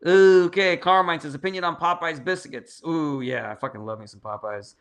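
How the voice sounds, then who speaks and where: A man's voice: a little high, normal speed, smooth. A man hosting a casual livestream Q&A, answering viewer questions bluntly and swearing often. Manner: blunt, profane, reads viewer comments aloud. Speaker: political livestream host.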